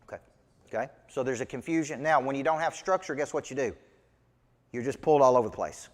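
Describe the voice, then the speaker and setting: A Southern US man talks fast at medium pitch in a large hall, leading a live motivational training session on business coaching. His manner is emphatic, folksy and preachy, and he keeps quizzing the crowd.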